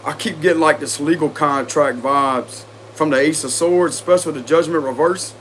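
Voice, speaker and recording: A man's voice: fairly high pitch, moderate pace, a bit bright, slight background noise. A man with a Cajun accent doing a casual tarot reading, chatty and confident, often repeating himself. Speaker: tarot reader.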